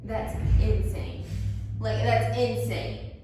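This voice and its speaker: A young woman chatting casually, telling stories in an animated way with lots of "like". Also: on the high side, slow pace, far from the mic, soft background music. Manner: animated storytelling, frequent "like", laughs. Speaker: vlog host. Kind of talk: casual chat. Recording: echoey room, away from mic.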